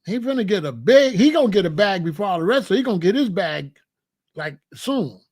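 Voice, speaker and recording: A man's voice: sits high, sing-song, brisk, a little mellow. A man hosting his own commentary channel, joking and bragging in a casual, streetwise rant.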